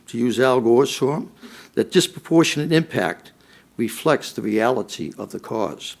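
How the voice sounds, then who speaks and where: A man's voice: mid-range voice, animated, unhurried, creaky. A middle-aged man, a former police chief, giving a prepared speech at a policy forum and repeating his points for emphasis.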